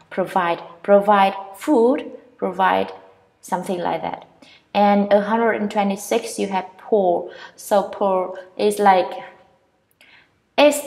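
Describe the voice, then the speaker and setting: A woman with a Vietnamese accent, a native Vietnamese speaker, teaching an English pronunciation lesson and repeating each word with drawn-out vowels. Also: mid-range voice, creaky, a little mellow.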